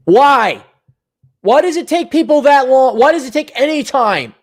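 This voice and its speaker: A man's voice: extremely high pitch, sing-song, slow pace, pauses often. A man hosting a solo podcast, reading out listener donations and ranting in a sarcastic, profane way. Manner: mocking put-on voices in asides. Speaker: podcast host.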